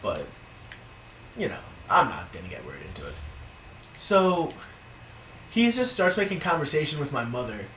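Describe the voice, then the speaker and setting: A young man telling a casual, profane story in an animated storytime vlog, recorded indoors. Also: on the high side, moderate pace, pauses often, a little hiss or hum. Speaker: vlogger. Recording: roomy, distant from the mic.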